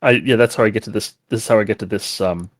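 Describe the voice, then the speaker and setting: A man's voice: lowish voice, fast talker, no room sound. A man playing a tabletop game, joking around with profane outbursts. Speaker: player. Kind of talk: casual chat at a tabletop game.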